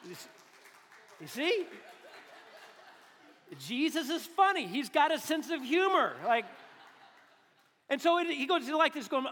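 High-voiced male pastor, joking sermon, reverberant hall. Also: big pitch swings, a little slow, pauses often, pushed and bright, a little hiss or hum. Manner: joking, conversational, acts out quotes. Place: church sanctuary.

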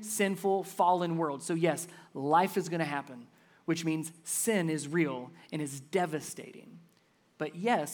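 A man preaching a sermon as pastor, earnest and building up to loud, emphatic passages. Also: fairly high pitch.

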